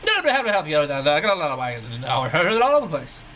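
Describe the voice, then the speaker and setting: A man's voice: a little high, sing-song, very fast, pushed and bright, slight background noise. A man voicing a jovial, red-haired older horse-trading patriarch in a tabletop game, speaking with a thick, mumbly put-on accent. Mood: welcoming. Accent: thick put-on accent, Irish-like. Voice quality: mumbly, mouth-full sound. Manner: eager, repetitive, nodding.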